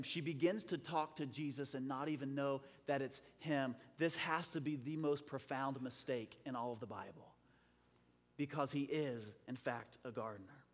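A man preaching a sermon as a pastor, swinging between loud, impassioned lines and hushed, dramatic ones. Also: medium pitch, normal speed, big-room sound.

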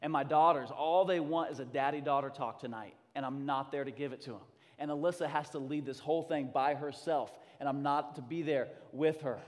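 A fairly high-voiced man in his thirties delivers a sermon from a church stage, with long reverb hanging in the sanctuary. He preaches with fervor, swinging from quiet, intimate passages to loud, emphatic bursts. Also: fairly quick, few pauses. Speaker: pastor.

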